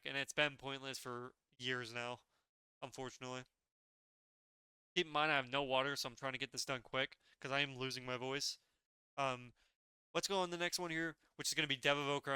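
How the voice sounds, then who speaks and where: A man's voice: on the high side, bright, forceful tone, smooth, no echo. A young man giving casual, blunt and opinionated tier-list commentary as a gaming video creator.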